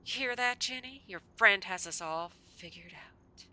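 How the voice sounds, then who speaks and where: A woman's voice: lowish voice, moderate pace, bright, forceful tone. A woman doing a flirty, taunting vampire woman. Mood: mocking. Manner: teasing drawl, at times Southern.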